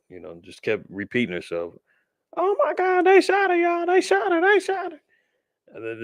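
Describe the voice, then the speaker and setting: A man's voice: on the low side, dry recording, clean studio sound. A man hosting a show, talking loosely about the news with slang and restarts. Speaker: podcast host. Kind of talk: casual commentary on news.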